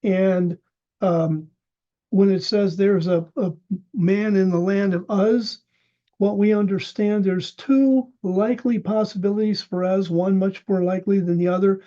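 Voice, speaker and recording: Older man, Bible lecture, fairly high voice, mellow tone, dull lo-fi sound. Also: fairly even intonation, measured pace. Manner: unscripted explanatory teaching with fillers and restarts. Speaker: Bible teacher. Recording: dull lo-fi recording.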